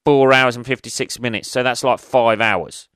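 A man's voice: mid-range voice, fairly even intonation, normal speed, a bit bright, clean tone, no echo, clean studio sound. A man hosting a solo comedy podcast, rambling and swearing as he thinks aloud. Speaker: podcast host.

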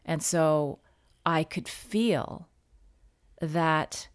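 Woman storyteller, low pitch, dry close sound, halting and reflective. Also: smooth, no echo. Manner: halting, reflective, frequent restarts. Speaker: podcast guest sharing a personal story. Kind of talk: conversational personal storytelling.

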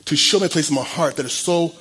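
Husky man preaching an emotional sermon. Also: a little high, fast talker, sharp tone. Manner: earnest, emotional testimony with many restarts. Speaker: pastor.

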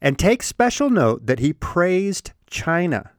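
A man's voice: high-pitched, slow pace, no echo. A man hosting his own podcast, delivering an emphatic, opinionated monologue into a close microphone. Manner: emphatic, animated, laughs at his own jokes. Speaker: podcast host.

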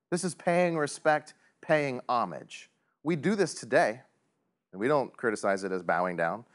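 A man teaching a Bible study in a casual, joking way, chuckling often and asking the class questions. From United States. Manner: animated, joking, big pitch swings, chuckles often.

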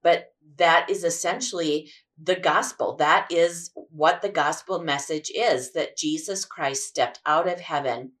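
A woman's voice: low voice, unhurried, fairly bright tone. A woman hosting a devotional podcast, teaching about salvation in an earnest, reflective way with frequent restarts. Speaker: podcast host.

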